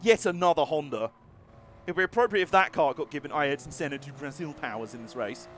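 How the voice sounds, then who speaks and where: Brief: man, racing game streamer, high voice, excitable, laughs a lot, crude jokes. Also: brisk, a little hiss or hum. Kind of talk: live racing gameplay commentary.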